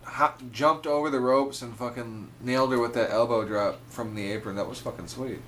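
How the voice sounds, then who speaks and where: A man's voice: mid-range voice, fairly even intonation, moderate pace, a bit bright, slight background noise. A man co-hosting a wrestling podcast, talking in a laid-back, profane way and chuckling. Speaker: podcast co-host. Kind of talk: casual wrestling recap chat.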